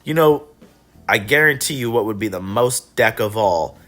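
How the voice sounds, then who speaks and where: A man casually recapping his card game tournament rounds, laid-back and swearing, coughing and clearing his throat now and then. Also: lowish voice, expressive, normal speed, sharp tone. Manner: laid-back, profane, chuckling, mock voices of opponents.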